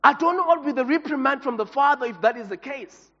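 A man's voice: very high voice, lively intonation, fast talker, bright, forceful tone. A pastor preaching an emotional, passionate sermon to his congregation. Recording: reverberant hall, dull lo-fi sound.

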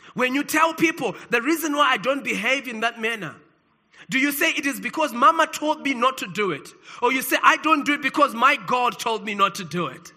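A man from South Africa preaching a sermon as pastor, swinging between emphatic rises and sudden soft drops. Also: very high voice.

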